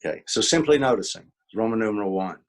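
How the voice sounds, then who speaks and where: A man's voice: lowish voice, expressive, quick pace. A man presenting a workshop as an author, talking informally, repeating key points with emphasis and acting out quoted exchanges. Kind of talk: informal teaching talk.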